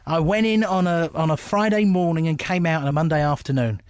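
Blunt, jokey man, fairly high voice. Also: a little fast, a little mellow, clean tone, no echo, clean studio sound. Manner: jokey, blunt, acts out other people's voices. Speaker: stand-up comedian guest. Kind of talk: casual interview storytelling.

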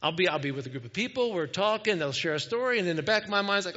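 A middle-aged man preaches a conversational sermon, his voice sitting a little higher than most men's. He talks in a folksy way and often restarts his sentences. The sound is dull, and a long reverb trails through the big church. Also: lively intonation, rapid-fire, sharp tone. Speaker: pastor. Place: church sanctuary.

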